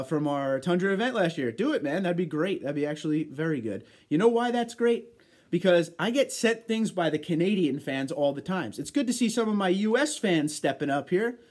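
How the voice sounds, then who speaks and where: A man's voice: a little high, a little mellow. A man hosting a casual livestream, reading viewer comments aloud and answering them in a chatty, joking, easygoing way. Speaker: livestream host.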